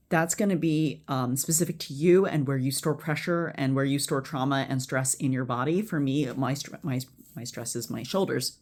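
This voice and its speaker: Casual at-home explainer, rambling and blunt, chant-like repetition and frequent restarts. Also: medium pitch. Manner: blunt, occasional swearing. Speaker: healthcare worker teaching a friend. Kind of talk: casual spoken instruction. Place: at home before bed.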